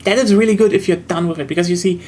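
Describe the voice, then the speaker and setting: A woman's voice: fairly low pitch, racing, darkish tone, slight background noise. Rambling German woman streamer. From southern Germany. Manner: rambling, many fillers and restarts. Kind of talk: casual chat while gaming.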